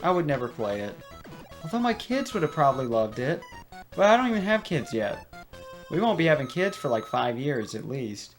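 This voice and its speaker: A man's voice: mid-range voice, big pitch swings, normal speed, faint music behind. A young man hosting a game playthrough, chatting casually and rambling off on tangents while he laughs often. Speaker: let's play host. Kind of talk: gameplay commentary. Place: home room.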